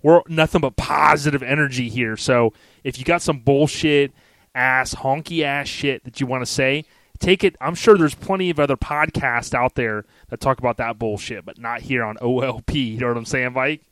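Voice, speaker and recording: A man's voice: medium pitch, normal speed, a bit bright, dry recording. A man in his forties hosting a podcast, talking in a laid-back, slangy way and laughing often. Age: 40s. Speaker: podcast host. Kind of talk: casual podcast chat.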